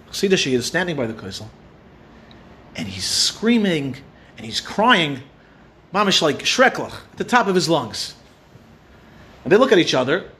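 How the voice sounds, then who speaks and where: A man with a fairly high voice delivers an earnest sermon. He tells a story along the way and mixes in Hebrew and Yiddish terms. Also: fairly bright tone, slight background noise. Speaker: rabbi giving a Torah talk.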